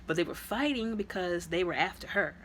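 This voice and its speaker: Speaking a little fast, a woman who reviews movies walks through a plot in a lowish voice, chatty and animated, peppered with "like" and "you know." Her voice suddenly shoots up into high exclaiming tones, and barely noticeable faint noise sits behind her.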